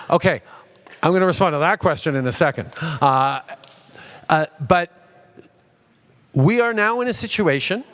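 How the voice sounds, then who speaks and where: Man, slightly high voice, town hall answers, halting with many fillers and restarts.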